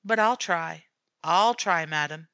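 A brusque, officious man running a fancy cat show, as a woman narrator puts him on. He sounds pushy and a little louder than the surrounding reading, with a bright, forward tone. It fits a classic storybook audiobook. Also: lowish voice, slow pace, dry recording, muffled recording. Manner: officious, then gruff.

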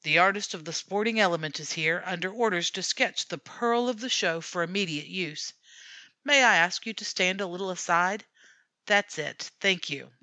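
A brusque, officious man running a fancy cat show, as a woman narrator puts him on. He sounds pushy and a little louder than the surrounding reading, with a bright, forward tone. It fits a classic storybook audiobook. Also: on the low side, normal speed, no room sound. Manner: officious, then gruff.

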